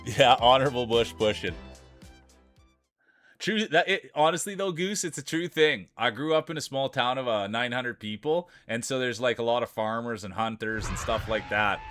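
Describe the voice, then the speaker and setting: A man from Canada hosting a live stream, chatty and excitable, laughing often and calling people "dude". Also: mid-range voice, normal speed, soft background music. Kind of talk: casual live-stream commentary.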